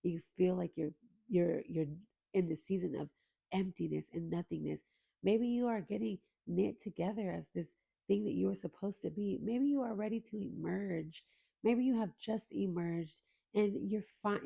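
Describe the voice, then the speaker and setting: A woman's voice: lowish voice, vocal fry, warm tone, slightly rough. A young adult woman hosting a faith podcast, talking in an earnest, emotional way straight to her listeners. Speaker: podcast host. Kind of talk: heartfelt faith podcast intro.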